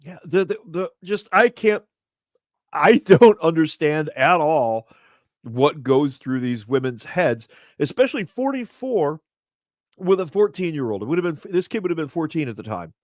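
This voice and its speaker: A man in his fifties co-hosting a casual talk show, animated and indignant, his voice jumping up when he gets worked up. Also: a little high, normal speed, no room sound, studio quality. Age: 50s. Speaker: podcast co-host.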